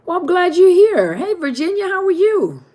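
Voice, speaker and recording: A woman's voice: very high voice, very animated, normal speed, mellow. A woman hosting a live question-and-answer stream, chatting casually and greeting viewers one by one by name.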